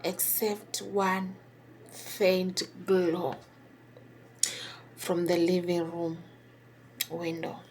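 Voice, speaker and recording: A woman whispering a personal story, halting and hesitant with many pauses and restarts. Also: lowish voice, monotone, a little mellow, slight background noise.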